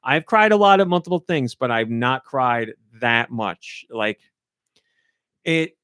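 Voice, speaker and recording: A man talking casually on a podcast, medium-pitched and effusive, tripping over himself with "like" and false starts. His voice is dry and close, with no room sound. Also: lively intonation, slow pace, fairly bright tone, smooth, no echo. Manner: rambling and effusive, heavy use of "like". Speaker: podcast co-host and game reviewer.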